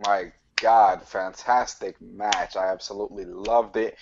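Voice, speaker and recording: A man's voice: fairly low pitch, fairly even intonation, a little slow, highs cut off. A man co-hosting a casual wrestling podcast, enthusiastic as he gives his opinions. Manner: enthusiastic, ranks and opines. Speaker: podcast co-host. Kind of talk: casual wrestling review chat.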